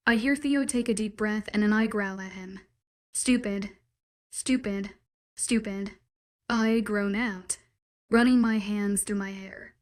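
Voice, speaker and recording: Woman narrating a romance audiobook softly. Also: medium pitch, fairly even intonation, normal speed.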